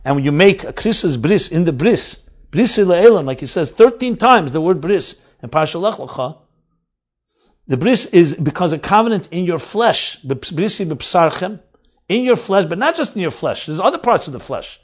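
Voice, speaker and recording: A man's voice: high-pitched, big pitch swings, moderate pace. A man teaching as a rabbi, explaining texts emphatically, repeating and rephrasing key words, with Hebrew terms mixed in. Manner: mixes in Hebrew and Aramaic terms. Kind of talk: explanatory Torah lecture. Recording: dull lo-fi recording.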